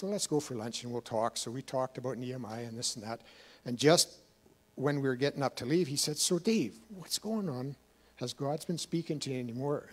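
Emotional man telling his story. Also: medium pitch. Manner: rambling storyteller, emotional, many fillers and restarts. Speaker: guest speaker. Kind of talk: personal testimony in church.

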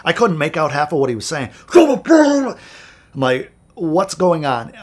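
A man's voice: a little high, very animated, takes it slowly. A man who produces music, telling a candid, profane, rambling story to camera in a casual vlog. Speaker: music producer and video host.

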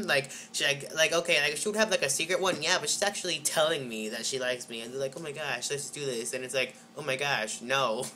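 A man's voice: fairly high pitch, pushed and bright, slight background noise. A teenage boy telling a story in a casual vlog, rambling with lots of fillers and sounding exasperated. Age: teens. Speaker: vlogger.

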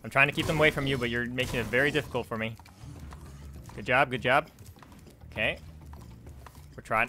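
A man's voice: medium pitch, steady tone, a little fast, pauses often, bright, forceful tone, slight background noise. A young man commenting casually on his video game playthrough, chatty and easily distracted. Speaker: gameplay streamer. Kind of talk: casual let's-play commentary.

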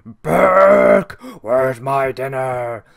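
A man's voice: mid-range voice, lively intonation, very slow, creaky, dry recording, full character voice. A man voicing a bossy unseen male master who barks orders from upstairs. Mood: demanding. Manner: barking orders.

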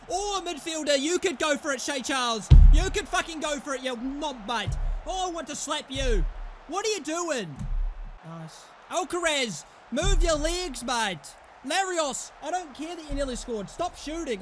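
A young man with a strikingly high voice rants through his football management game, swearing hard and shouting at his players. There is a faint hiss of background noise behind him. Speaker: gaming YouTuber. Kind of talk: live gameplay commentary.

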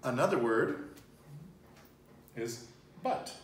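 A man's voice: medium pitch, big pitch swings, extremely slow. Casual male teacher, 30s, chatty and rambling, roomy home recording with light background hum. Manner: chatty, loose, laughs easily, restarts and digresses. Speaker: Spanish teacher. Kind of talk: casual language lesson.

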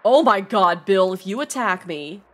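A young adult woman streams a video game, giving casual commentary in a medium-pitched, expressive voice at a slightly slow pace. She sounds stressed, swears often, laughs, and reads game text aloud, with faint game music behind her.

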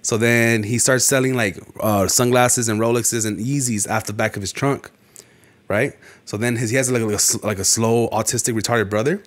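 A young man co-hosting a casual podcast, telling rambling, profane stories with animated energy. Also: medium pitch, normal speed. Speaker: podcast co-host. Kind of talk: casual chat.

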